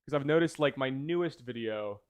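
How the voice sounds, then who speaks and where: A man with a Canadian accent, talking in casual commentary, fast and rambling, with casual swearing. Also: mid-range voice, no echo. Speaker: video creator.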